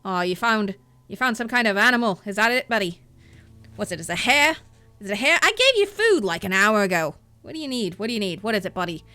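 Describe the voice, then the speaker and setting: A woman putting on a loud, rough-spoken man. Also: medium pitch, very animated, fast talker, no room sound, soft background music. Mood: coaxing. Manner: loud, blunt calls of "oi". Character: rough-spoken adult man scolding and coaxing his dog.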